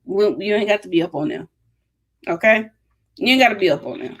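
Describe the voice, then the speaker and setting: A woman's voice: on the low side, expressive, normal speed. A woman with a Detroit accent hosts her own podcast, chatting through a live Q&A. She rambles through stories and asides and laughs easily. The talk is loose and casual, as if streamed live from home. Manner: chatty, storytelling, laughs and drifts off-topic. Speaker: podcast host.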